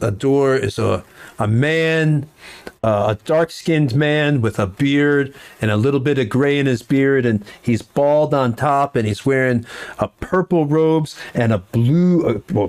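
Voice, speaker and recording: A man's voice: mid-range voice, unhurried. A man narrating as game master, rambling and restarting his sentences often. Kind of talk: narrating a tabletop game over a video call.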